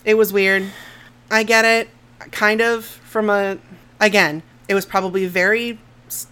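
A woman's voice: mid-range voice, steady tone, a little slow, pushed and bright, smooth. A woman co-hosting a casual movie review podcast, talking frankly with plenty of swearing, laughing often and sometimes trailing off mid-thought. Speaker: podcast co-host.

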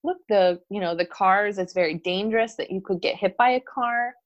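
A woman speaking in a relaxed conversation, telling a story with lively, animated delivery. She slips into the voices of the people she quotes. The recording sounds somewhat dull and lo-fi. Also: medium pitch, moderate pace. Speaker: mother of a toddler. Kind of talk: casual podcast conversation.

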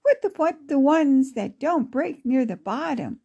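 A woman's voice: high voice, lively intonation, slow, dark tone, lo-fi sound, heavily acted. A woman voicing a cheerful, sensible young girl in a read-aloud storybook. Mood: eager. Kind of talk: storybook reading.

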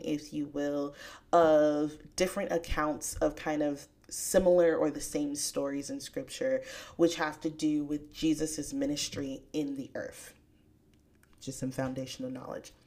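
A woman hosting a podcast, talking about scripture in a casual, chatty way with bursts of excitement. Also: low-pitched. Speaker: podcast host. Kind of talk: casual faith podcast talk.

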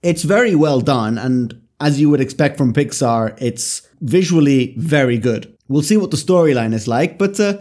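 A man from Italy co-hosting a podcast, giving measured, opinionated commentary in casual chat. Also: mid-range voice, a little mellow. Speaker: podcast co-host.

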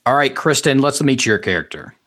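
A man's voice: mid-range voice, animated, moderate pace, a bit bright. A man hosting and running a tabletop game as game master, upbeat and loose with many fillers.

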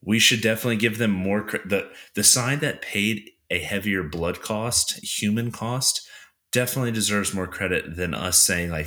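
A man's voice: on the low side, moderate pace, pushed and bright. A man co-hosting a history podcast, talking casually and rambling with lots of fillers. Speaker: podcast co-host.

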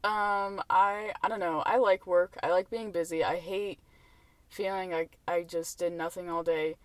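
A woman's voice: on the low side, fairly even intonation, measured pace, dry recording. Chatty young woman podcasting from a car. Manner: chatty, rambling, laughs often, many fillers. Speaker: podcast host. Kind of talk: casual chat. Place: inside a parked car.

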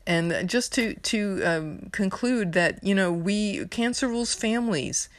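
A woman's voice: medium pitch, expressive, measured pace, no room sound. A woman from New York hosting an astrology podcast, talking in a rambling, earnest and emotional way with lots of fillers. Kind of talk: casual spiritual podcast monologue.

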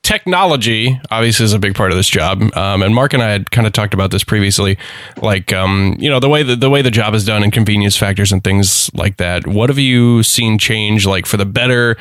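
A man hosting a casual conversation, relaxed and joking as he asks questions. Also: on the low side, brisk, no echo, studio quality. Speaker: host. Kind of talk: casual chat.

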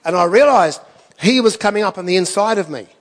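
A man's voice: sits high, lively intonation, fairly quick, long reverb tail. A man preaching a sermon, telling stories in a conversational way with self-deprecating asides. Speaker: pastor.

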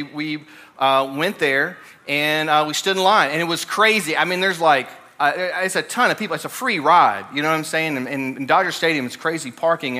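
A young man from Alabama, USA, with a Southern accent preaches a casual, story-driven sermon in a fairly high, pushed, bright voice. His delivery is conversational, full of fillers and restarts.

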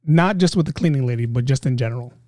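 Podcast host, male, dark mellow tone, dry close sound, chatty and eager. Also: mid-range voice, fast, no echo. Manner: chatty, enthusiastic, many fillers. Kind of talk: casual interview chat.

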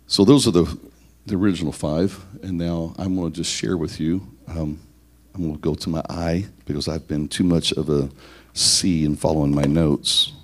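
A man's voice: low voice, vocal fry. A man teaching church leaders, working through numbered points with rhetorical questions and repeated words.

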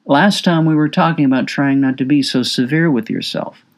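A man voicing a composed female therapist in an audiobook, measured and reassuring. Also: mid-range voice, voice pushed up, natural voice. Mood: calm.

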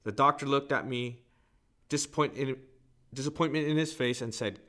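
Male host, mid-pitched, reads a poem and book excerpt in a measured, reflective way. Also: pushed and bright. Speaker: podcast host.

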